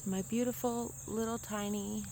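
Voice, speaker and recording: A vlogger walks a camera around her outdoor garden, chatting casually, rambling and correcting herself along the way. Her voice is medium-pitched with a level tone and normal speed, and there's background noise.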